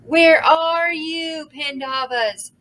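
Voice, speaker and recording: A woman's voice: high voice, very slow, a bit bright, voice pushed up, full character voice. A woman voicing a gloating female demon who croons and taunts in a sing-song way.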